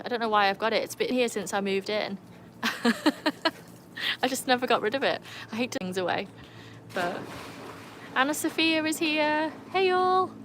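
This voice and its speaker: This livestream host chats casually and welcomes viewers by name from a home that has a pool. She has a mid-range voice and a mixed Birmingham and North Wales English accent, reflecting roots in England and North Wales. There's a noisy background behind her.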